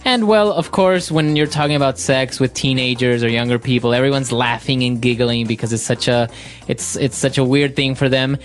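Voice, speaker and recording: A man's voice: mid-range voice, fairly even intonation, normal speed. Man co-host guiding an English lesson. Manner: asks questions and sums up points. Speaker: podcast co-host.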